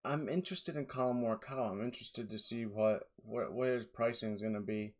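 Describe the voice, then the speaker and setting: A man's voice: mid-range voice, a little fast. A young man in his twenties giving rambling, tired solo commentary on fantasy golf picks, with lots of fillers and restarts.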